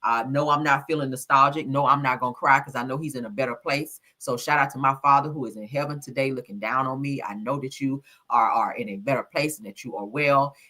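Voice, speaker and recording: A woman's voice: a bass voice, steady tone, fairly quick, hardly any pauses, pushed and bright. A woman hosting a casual gossip livestream, sassy and full of laughter, calling her viewers honey and child.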